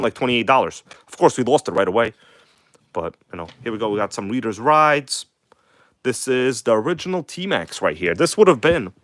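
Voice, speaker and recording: A man with a slight accent hosting a casual live stream, chatting loosely, swearing now and then and reading magazine text aloud in a halting way. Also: mid-range voice, fairly bright tone, no room sound. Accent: non-native English accent. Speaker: host of a live RC car stream. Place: home workshop in Queens.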